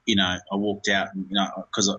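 A man's voice: deep voice, completely flat delivery, fairly quick, bright, forceful tone, slightly rough, lo-fi sound. A man, a film director, talking in an interview in a rambling way, with many fillers and restarts.

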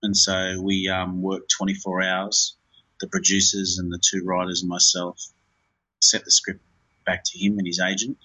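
A man's voice: sits low, completely flat delivery, normal speed, bright, forceful tone, slightly rough, low-quality recording. A man, a film director, talking in an interview in a rambling way, with many fillers and restarts.

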